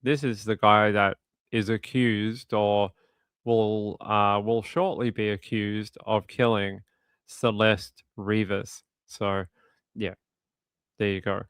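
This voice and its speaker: A man with an Australian accent hosting a livestream and reading viewer comments in a relaxed way. He repeats himself often and chuckles between thoughts. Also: lowish voice, slow pace, clean tone, dry recording. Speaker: livestream host. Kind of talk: casual live chat reading viewer comments.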